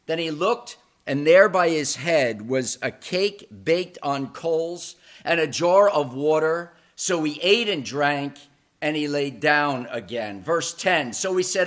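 A man with a notably high voice delivers a sermon from the pulpit of a church. His delivery is dramatic and emphatic, swelling to loud peaks and dropping to hushed, intimate lows. He repeats words as he builds momentum. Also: lively intonation, takes it slowly. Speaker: preacher.

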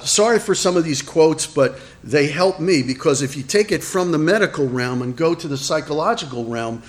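A man preaching a sermon in a relaxed, conversational way. He asks the congregation questions and adds self-deprecating asides. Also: fairly high pitch. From Italian heritage. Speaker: pastor.

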